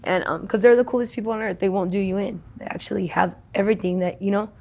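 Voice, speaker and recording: A woman's voice: medium pitch, fast talker, vocal fry, warm tone, slight background noise. A young adult woman in a casual street interview, talking in a rambling, slangy, profane way.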